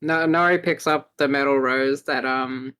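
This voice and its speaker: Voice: medium pitch, fairly even intonation, measured pace, sharp tone, clear, resonant tone. A player at a tabletop game, casually narrating a character with playful giggles.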